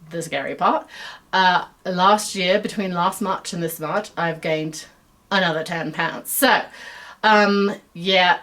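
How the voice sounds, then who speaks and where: A woman's voice: on the low side, fairly bright tone. A middle-aged American woman hosting her own web series in a put-on Australian accent, rambling chattily through a stream-of-consciousness monologue full of fillers and self-deprecating asides. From United States.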